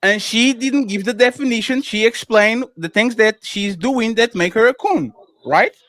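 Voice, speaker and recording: A man's voice: high voice, moderate pace, a bit bright, dry recording. A man with a foreign accent, a guest on a streamed panel, arguing insistently and repeating his points. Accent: non-native English. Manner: insistent, repeats himself, presses for proof. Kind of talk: heated panel argument.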